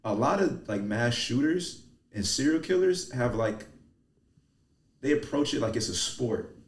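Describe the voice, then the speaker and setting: A man cohosting a podcast, talking casually with animated swearing. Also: medium pitch, unhurried, far from the mic. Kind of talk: casual chat. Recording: roomy echo, off-mic.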